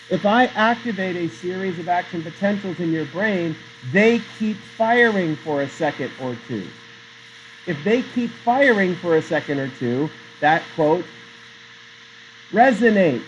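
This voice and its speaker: High-voiced chatty male teacher, lo-fi. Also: a little hiss or hum. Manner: chatty and digressive, quizzing the class. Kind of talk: classroom lecture. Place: classroom. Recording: dull lo-fi sound.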